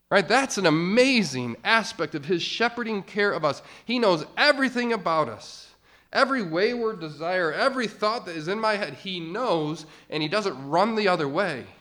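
A middle-aged man preaching a sermon as pastor, moving from quiet explanation to loud, emphatic peaks. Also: a little high.

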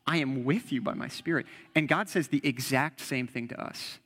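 A man's voice: mid-range voice, normal speed, a bit bright, big-room sound. A young man preaching an earnest, conversational sermon and quoting scripture.

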